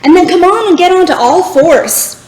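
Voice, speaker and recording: Female kids' yoga teacher, high and bright-toned, coaxing and playful, recorded in a very echoey room. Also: lively intonation, normal speed. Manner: coaxing, playful instruction to children. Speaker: youth yoga instructor. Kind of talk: guided kids' yoga class.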